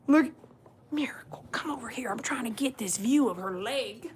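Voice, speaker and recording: A woman with a high, bouncy voice talks to her dogs at home. She scolds them in a playful tone and breaks into laughter often. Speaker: vlogger, dog groomer. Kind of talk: casual talk to her dogs. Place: at home indoors.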